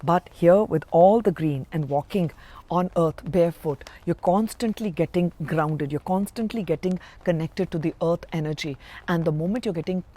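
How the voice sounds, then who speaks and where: A woman giving a spiritual card reading to camera, speaking slowly and warmly with affirming, emphatic rises. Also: on the low side. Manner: slow, dreamy, affirming delivery with emphatic rises. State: emotional, near tears. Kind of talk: intuitive tarot reading to camera.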